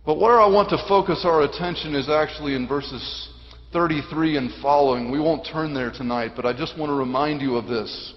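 A pastor delivering an evening sermon to a church congregation. He preaches dramatically, often falling to a hushed near-whisper for emphasis. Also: on the high side, a little fast. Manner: dramatic preaching with sudden drops to a hush. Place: church sanctuary. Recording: long hall reverb, dull lo-fi sound.

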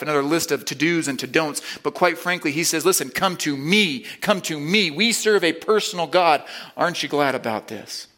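A man preaching a sermon, emphatic, building to loud repeated stresses and then dropping low and quiet.

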